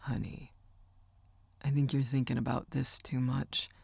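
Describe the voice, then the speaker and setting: A woman narrator voicing a gentle older uncle in an audiobook, speaking in a low, hushed, comforting way. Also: measured pace, creaky, no room sound, heavily acted. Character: gruff gentle uncle, older man, soft-spoken. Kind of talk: audiobook character voice.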